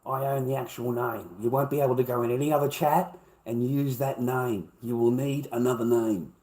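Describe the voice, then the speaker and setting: A middle-aged man with an Australian accent talks straight to his stream chat. He is blunt, swears at nearly every turn, and repeats himself as he goes. His pitch sits in a plain middle range. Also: steady tone, normal speed, mellow. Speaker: livestreamer. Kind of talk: profane livestream rant to chat.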